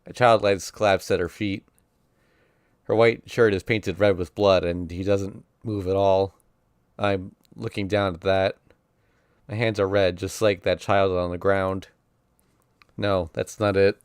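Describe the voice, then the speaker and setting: A man's voice: deep voice, level tone, measured pace, long pauses, smooth, no room sound, clean studio sound. A man reading a visual novel aloud on stream, narrating casually in the first person. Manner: casual first-person narration that voices sound effects playfully.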